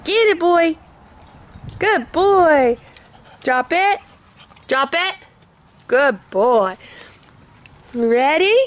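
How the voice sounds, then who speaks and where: A woman's voice: high voice, lively intonation, very slow, long pauses. A woman talking baby talk to her dog into a camcorder, coaxing and repeating praise in a sing-song way. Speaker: dog owner.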